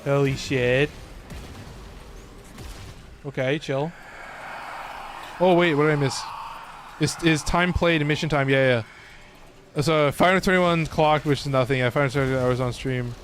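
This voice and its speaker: A man's voice: a little high, fairly even intonation, a little slow, long pauses, slight background noise. A man with a Californian accent chatting loosely and swearing while streaming a game. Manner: loose and joking, swears often. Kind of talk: casual live-stream chat while gaming.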